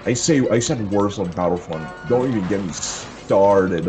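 A man's voice: fairly low pitch, unhurried. A young man joking crudely and swearing heavily while playing a kart racing game with a friend. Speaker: gamer. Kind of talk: casual gaming chat. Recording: game music playing behind.

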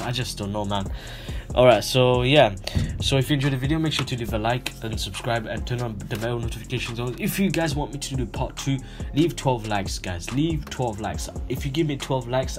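A young male gaming YouTuber gives a rambling, foul-mouthed intro packed with "um" and "guys." His voice sits at an ordinary pitch. Clear music plays behind him. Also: brisk, hardly any pauses. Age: young adult. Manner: rambling, profane, filler-heavy. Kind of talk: casual video intro.

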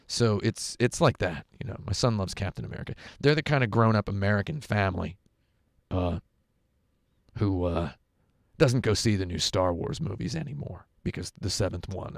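A man's voice: fairly low pitch, gravelly, no room sound, clean studio sound. A man chatting casually on a game livestream, telling rambling, digressive stories into a headset at home. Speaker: streamer. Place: home room with carpet.

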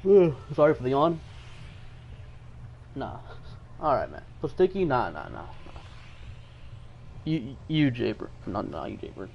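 A man's voice: medium pitch, very animated, measured pace, creaky, long pauses, muffled recording, slight background noise. A young man from Texas live-streaming a game, chatting casually and joking while reading viewer messages aloud. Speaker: gaming streamer.

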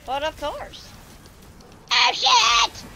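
A woman streaming a game with friends, chatting casually and swearing in excited outbursts. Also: very high voice, very slow, creaky, very noisy. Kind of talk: casual gaming chat.

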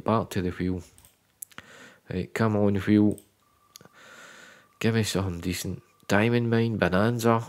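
An online slots streamer with a low-pitched voice gives live commentary on slot machine spins. He's chatty, tends to repeat words, and breaks into loud, excited bursts.

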